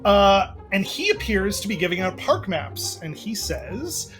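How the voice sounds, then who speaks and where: A man's voice: sits high, very animated, measured pace, hardly any pauses, fairly bright tone, faint music behind. Man narrating a tabletop game loosely. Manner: loose, hesitant narration with fillers. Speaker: game master.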